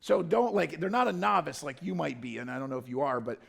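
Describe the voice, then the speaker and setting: A male pastor with a fairly high, gravelly voice and a husky edge, preaching in a loose, conversational way. He jokes and drifts into informal asides as he retells the story. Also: fast talker, fairly bright tone. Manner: informal, joking, rambling asides. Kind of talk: casual conversational sermon. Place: church.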